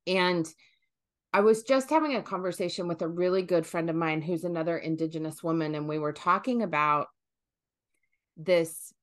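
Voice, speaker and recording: Animated lowish-voiced woman podcast host. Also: moderate pace. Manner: animated, thinks aloud with fillers and restarts. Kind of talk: casual conversational podcast.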